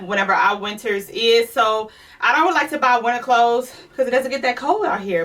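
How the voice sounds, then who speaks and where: The distant mic picks up a fairly high-pitched, somewhat bright female voice. A chatty fashion vlogger from Louisiana, she's breathless during a casual try-on haul and talks directly to viewers, addressing them as "y'all."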